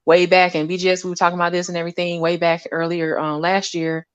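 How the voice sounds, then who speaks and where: A woman scientist talking casually about her lab work, animated and often laughing as she acts out conversations. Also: fairly low pitch, quick pace, clear, resonant tone, dry recording.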